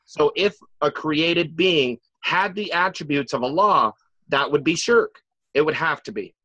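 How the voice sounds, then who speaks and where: A male debater laying out a measured, step-by-step argument. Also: fairly high pitch, expressive, bright, forceful tone, no room sound, highs cut off.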